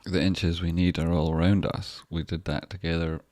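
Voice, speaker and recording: A Scottish man with a deep, low voice talks loosely through a livestream, reading out chat and heaping on thanks. He swears freely and rambles in a relaxed way. The sound is close and dry, with no room around it. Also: moderate pace, no room sound. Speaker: stock trading livestreamer. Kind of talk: casual livestream chat, reading viewer messages.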